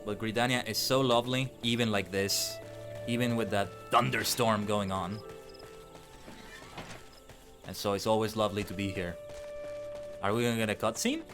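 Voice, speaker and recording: A man's voice: lowish voice, fairly even intonation, normal speed, pauses often. A man giving casual, chatty commentary while playing a game, sometimes stumbling over his words. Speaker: streamer. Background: game music.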